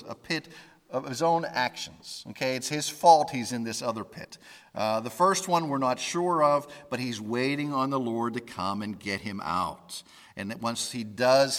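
A man giving a conversational Bible lesson, informal and halting, often stopping to restart his sentences. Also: medium pitch, fairly bright tone, big-room sound. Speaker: Bible teacher.

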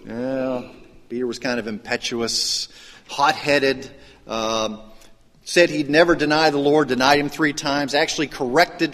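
A man preaching a sermon. He swings between raised, emphatic lines and hushed, dropped asides. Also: medium pitch, in a large hall. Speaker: pastor.

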